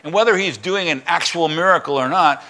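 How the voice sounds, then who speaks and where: A fired-up man preaching to his church, bright and forceful in tone. He talks with excitement, swings between loud declarations and quiet asides, and often trips over and restarts his words. His voice sits a touch high for a man. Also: a little fast. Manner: impassioned, excited, with many restarts and stumbles. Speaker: pastor. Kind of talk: sermon.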